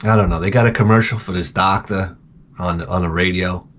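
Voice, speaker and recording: A man's voice: deep voice, fairly even intonation, a little fast, noisy background. A man hosting a show, rambling through crude comedic chat and trailing off into mumbled asides. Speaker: show host.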